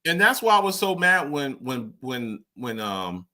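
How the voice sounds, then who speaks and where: A man's voice: mid-range voice, measured pace, over a noisy crowd. A man on a late-night sports talk show, arguing emphatically and repeating his points. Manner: animated, emphatic, repeats himself. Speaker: show regular.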